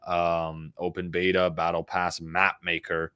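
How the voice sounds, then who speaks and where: A man's voice: deep voice, completely flat delivery, a little slow, pushed and bright, smooth, dry recording, clean studio sound. A man hosting a livestream, chatting loosely and hyping his viewers with profane banter. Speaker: livestream host. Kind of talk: casual livestream chat.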